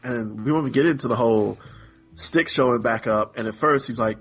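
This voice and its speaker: A man's voice: medium pitch, fast, slightly rough, muffled recording, soft background music. A man co-hosting a podcast in casual chat, rambling and exasperated, acting out characters in mock voices. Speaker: podcast co-host.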